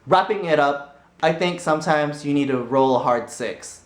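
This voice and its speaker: A man vlogging his opinions in a casual, rambling, animated way, laughing easily as he talks. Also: fairly high pitch, normal speed. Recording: roomy echoey room.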